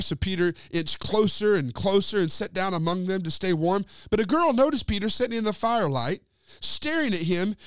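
Guy preaching, bit higher voice, tells the story dramatic, trails off low and soft, speaks right to his friends. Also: smooth, no echo, studio quality. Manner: addresses listeners directly as friends. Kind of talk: sermon.

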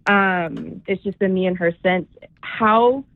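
Earnest female caller, halting, thin phone-line sound. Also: medium pitch, no echo. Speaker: radio caller. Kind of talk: call-in phone conversation.

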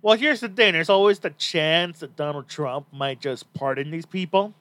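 A man's voice: a little high, moderate pace, fairly bright tone, no room sound. Blunt, swearing male podcast host. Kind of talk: casual chat.

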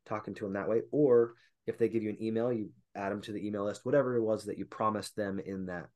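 A man's voice: lowish voice, fairly even intonation, fast, darkish tone. A man hosting a casual interview, summing up his guest's points in his own words. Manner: summarizes and recaps the guest's points. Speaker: podcast host.

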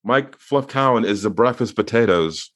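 A man's voice: fairly low pitch, expressive, normal speed, a bit bright, no room sound. A man co-hosting a podcast, riffing playfully with mock-serious buildups. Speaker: podcast co-host. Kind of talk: casual comedic chat.

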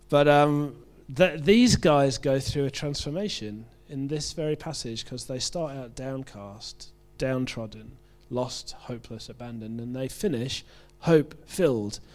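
Conversational British man preaching a sermon. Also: medium pitch. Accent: British English. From United Kingdom. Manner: conversational, self-deprecating, with frequent restarts.

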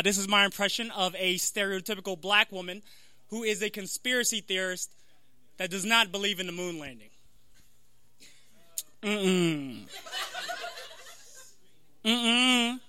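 High, bright-voiced young comic. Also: male voice, clear, resonant tone, no room sound. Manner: halting, self-deprecating with many fillers. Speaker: stand-up comic. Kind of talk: stand-up comedy.

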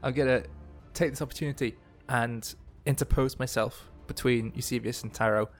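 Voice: mid-range voice, steady tone, moderate pace. Player at a tabletop game, hesitant and stammering, mid-range voice, faint music under it. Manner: playful, hesitant, stammers in character. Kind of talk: casual chat at a tabletop game.

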